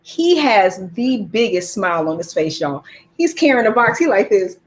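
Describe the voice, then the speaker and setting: A woman telling a humorous story to a church group, animated, laughing often and speaking straight to her listeners. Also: mid-range voice, moderate pace.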